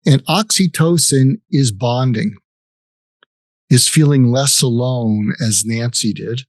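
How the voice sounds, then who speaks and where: An older man speaks slowly at a medium pitch, his tone on the darker side, in a dry recording. He's a psychiatrist appearing as an interview guest, earnestly explaining techniques and acting out example conversations, restarting his sentences often.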